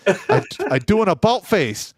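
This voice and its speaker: A man co-hosting a casual podcast, telling profane war stories with loud outbursts. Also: high-pitched, very animated, a little slow, no room sound, clean studio sound. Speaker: co-host; former first sergeant.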